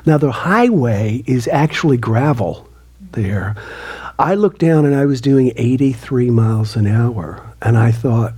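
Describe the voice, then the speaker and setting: A man and author giving an earnest storytelling talk, often dropping his voice to a hushed near-whisper. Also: medium pitch, expressive, unhurried, breathy edge. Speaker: motivational speaker and author.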